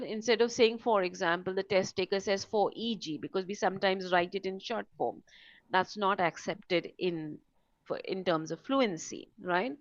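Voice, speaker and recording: A woman's voice: medium pitch, no echo. Woman teacher explaining pronunciation, dull sound. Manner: explanatory, frequent "right?" and "um". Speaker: test prep teacher. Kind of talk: live online lesson.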